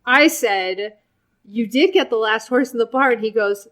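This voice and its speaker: A woman co-hosting a podcast, telling stories with deadpan, mock-dramatic humor. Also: a little high, a little slow. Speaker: podcast co-host. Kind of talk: casual comedic chat.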